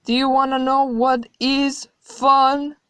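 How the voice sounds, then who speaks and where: A woman's voice: fairly low pitch, little pitch movement, slow pace, a little mellow, smooth, no room sound. A woman reading a horror story, voicing an old white-haired godlike man who talks in a teasing, flippant way. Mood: mocking. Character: old white-haired male godlike being, mocking and cruel.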